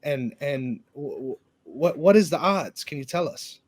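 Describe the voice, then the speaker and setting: Hyped young man with a higher voice. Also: expressive, unhurried, a little mellow. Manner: hyped, teasing, swears freely. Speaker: podcast co-host. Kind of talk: casual sports chat.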